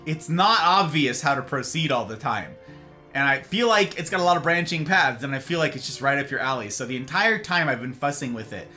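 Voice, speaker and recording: Picture a tired man running a live stream, chatting casually with his viewers. His voice is bright and a touch high, and it swings widely from excited squeals down to mumbled asides. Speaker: live streamer greeting chat.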